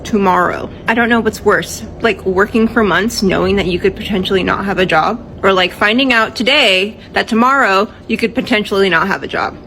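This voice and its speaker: A woman speaks frankly and with indignation in a casual vlog, swearing now and then. Her voice sits at a middling pitch, with a faint hiss under the recording. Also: brisk, few pauses, pushed and bright, low-quality recording. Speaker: laid-off worker.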